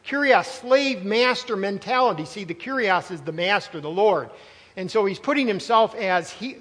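A high-pitched man delivers a sermon as pastor, speaking in an emphatic, conversational way that doubles back on phrases for stress. His voice carries a long reverb tail, as if recorded in a church sanctuary. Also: animated, moderate pace, a bit bright. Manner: emphatic, conversational preaching with asides and repeated phrases.

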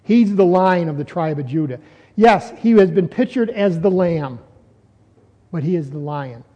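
High-voiced preacher in a reverberant hall. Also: male voice, animated, measured pace, dark tone. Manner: earnest, repeats phrases for emphasis, rises when stressing points. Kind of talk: expository sermon.

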